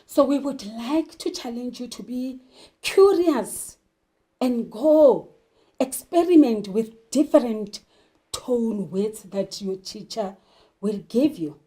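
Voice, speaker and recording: A woman's voice: a little high, animated, slow, dark tone, low-quality recording. A woman teaching a literature lesson, talking emphatically and putting questions to her learners. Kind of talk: televised classroom lesson.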